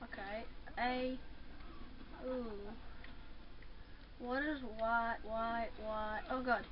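A woman giving excitable let's play commentary while playing a fighting game, chattering, yelping and taunting. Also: fairly high pitch, extremely slow. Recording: muffled lo-fi with faint hiss.

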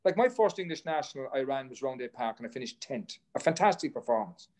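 A man's voice: mid-range voice, animated, fast, a little mellow. A man, a former runner, telling rambling stories as a podcast guest, swearing casually and restarting his sentences. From Ireland. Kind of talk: casual storytelling chat.

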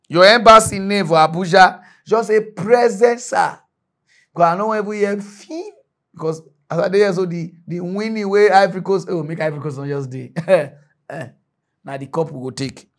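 A Nigerian man hosts a satirical mock news rant in a high, bright-sitting voice. He talks animatedly, jumping from loud bursts down to low muttered asides. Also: moderate pace.

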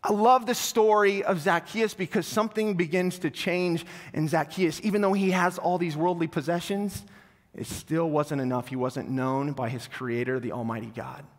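A male pastor giving a sermon, telling a story in an animated way that swings from loud to hushed. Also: on the high side, normal speed. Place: church sanctuary. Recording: long church reverb.

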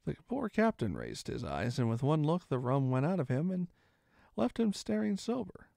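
A man narrating an adventure novel aloud with expressive first-person storytelling. His gravelly voice sits fairly high and swings widely in pitch. The recording is dry and close. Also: normal speed, no room sound. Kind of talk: reading a classic novel aloud.

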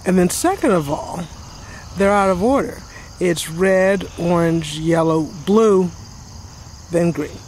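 A woman's voice: fairly low pitch, slow pace, darkish tone, slight background noise, low-quality recording. A woman co-hosting a casual podcast chat in a chatty, playful way. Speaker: podcast co-host. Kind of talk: casual conversation.

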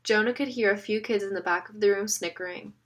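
Woman reading a book out loud, steady, storyteller vibe. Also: mid-range voice, quick pace. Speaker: narrator. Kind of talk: audiobook reading.

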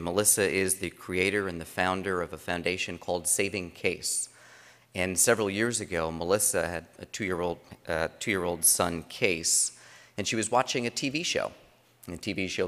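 A man's voice: sits low, moderate pace, a bit bright. A man giving opening remarks as conference chairman, telling stories in a loose, conversational way with frequent restarts, in a large conference room. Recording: long reverb of a conference hall.

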